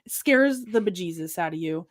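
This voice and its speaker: A young adult woman hosting a casual podcast livestream from home, telling stories in an animated way and acting out her own reactions. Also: on the low side, normal speed. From Washington state. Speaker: podcast host.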